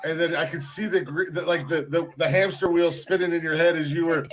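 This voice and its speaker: A man's voice: on the high side, fairly even intonation, brisk. A man co-hosting a podcast, teasing his friends in casual banter, laughing often and tripping over repeated words. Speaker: podcast co-host.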